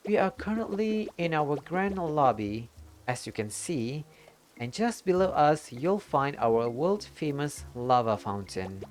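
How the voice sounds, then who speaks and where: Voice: medium pitch, very animated, very slow, hardly any pauses, pitched above the performer's own voice. A streamer reading game dialogue aloud in character, voicing a welcoming, formal lodge keeper with a put-on accent. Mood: cheery. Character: cheery lodge keeper hosting a guest by a volcano.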